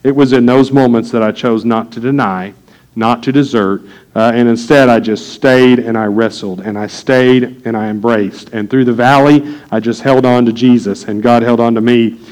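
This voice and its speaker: A man preaching a sermon as pastor, earnest and building to loud, excited preaching. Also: mid-range voice, normal speed, rough recording.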